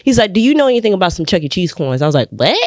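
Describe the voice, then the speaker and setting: A young woman from Texas, a podcast guest and actress, telling a personal story in an animated way and acting out other people's voices with sudden high jumps. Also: racing, no echo, studio quality. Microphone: studio podcast mic.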